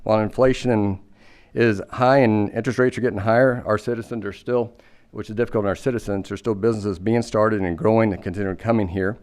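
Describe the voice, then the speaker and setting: A lower-voiced man speaks fast and briskly, with a smooth, clear tone. He gives an upbeat official update in a council chamber and promotes the town. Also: fairly even intonation, a little mellow. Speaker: city board member giving a report. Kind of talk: official update at a city meeting.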